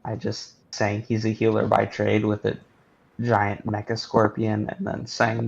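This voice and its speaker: Man, tabletop player, gravelly, husky, lowish voice. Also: monotone, a little slow, muffled recording.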